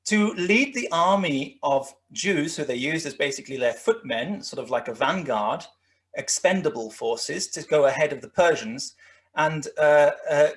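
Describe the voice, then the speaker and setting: A man lecturing on history over slides, with many fillers and restarts as he talks. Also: mid-range voice. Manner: rambling, frequent restarts and fillers. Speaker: guest lecturer.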